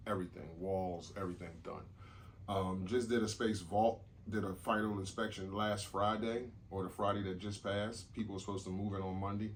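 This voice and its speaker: A man's voice: low voice, slight background noise. A man co-hosting a podcast, talking casually in a rambling way, repeating himself and swearing now and then. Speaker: podcast co-host. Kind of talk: casual chat.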